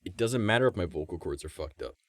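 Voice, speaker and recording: A man with a raspy voice chatting casually on a live stream, swearing freely and demonstrating how his voice moves between low and high. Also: animated, quick pace, dry recording.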